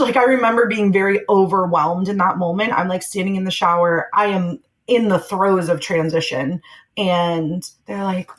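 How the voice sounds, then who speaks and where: A young adult woman, a podcast guest, tells her birth story in conversational fashion, speaking candidly and reflectively. She talks fast at a medium pitch, acting out what people said with laughs, in a low-quality recording.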